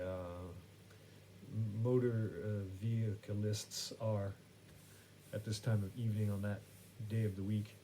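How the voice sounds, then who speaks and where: A man's voice: on the low side, warm tone, a little hiss or hum. A man hosting a podcast who tells a story in a wry, rambling, self-correcting way. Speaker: podcast host. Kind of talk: casual storytelling monologue.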